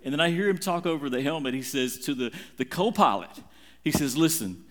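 A middle-aged man preaching a sermon, telling a story with dramatic, animated swings in his voice. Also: a little fast. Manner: animated, dramatic retelling with big swings in pitch. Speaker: pastor.

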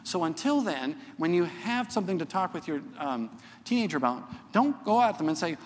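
A middle-aged man teaches a church crowd in an easy, earnest sermon, tossing in "okay?" as he makes each point. His voice sits a little high. It carries with a long reverb, as in a large church auditorium. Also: lively intonation, a little fast.

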